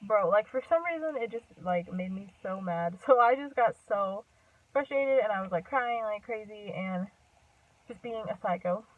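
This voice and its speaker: A young adult vlogger chats to her camera through a long personal story, loose and rambling, filling pauses with "like" and "um", laughing often and sounding a bit out of breath. Her expressive, middle-pitched voice sounds thin and phone-like. She sits set back from the mic, with a distant, tinny sound but no echo.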